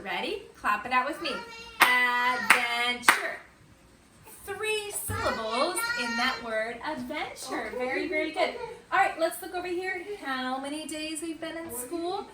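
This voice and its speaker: A woman teaching kindergarten and first graders in an online morning meeting, slow and sing-song. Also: sits high, echoey room, recorded from a distance, background noise. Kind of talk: remote morning meeting lesson. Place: at home or classroom on camera.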